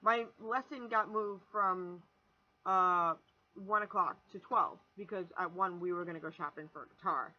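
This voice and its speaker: A young woman in her twenties telling a rambling, animated story on her vlog, swearing freely and restarting sentences as she goes. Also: on the low side, normal speed, lo-fi sound. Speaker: vlogger.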